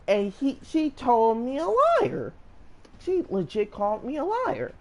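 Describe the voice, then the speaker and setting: A man's voice: very high voice, huge pitch swings, measured pace, a little mellow. A man telling a story in a casual storytime monologue. He rambles with energy and keeps restarting his sentences. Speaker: storyteller vlogger.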